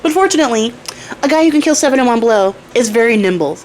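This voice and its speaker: A woman's voice: fairly high pitch, animated, quick pace, darkish tone, slight background noise, natural voice. A woman voicing a boastful young male tailor in a casual, swaggering way, with some swearing. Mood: cocky.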